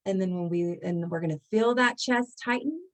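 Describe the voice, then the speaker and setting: A woman's voice: mid-range voice, normal speed. A woman leading a guided breathwork class, speaking soothingly and encouragingly, with audible sighs and breaths between her cues. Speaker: breathwork instructor.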